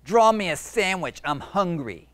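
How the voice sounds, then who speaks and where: A man putting on a loud, bossy monster voice. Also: high voice, expressive, unhurried, voice pushed up. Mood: demanding. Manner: barking orders loudly. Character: bossy hungry male monster, demanding and rude.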